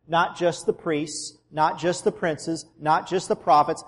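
A preacher tells a Bible story in a loose, conversational way, often sinking to a soft, low level for weight. His voice sits fairly high and carries a long reverb from the church hall around him. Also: lively intonation, measured pace. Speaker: pastor. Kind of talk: sermon.

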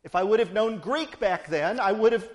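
A man's voice: high voice, lively intonation, moderate pace. A man preaching a sermon, retelling a story with playful asides to the congregation.

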